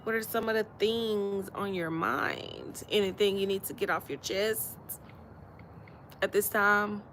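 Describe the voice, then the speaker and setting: A woman's voice: medium pitch, a little slow, fairly bright tone, slight background noise. A woman from Alabama with a Southern accent, hosting a casual livestream chat, easygoing and laughing often as she repeats her phrases. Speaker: livestream host.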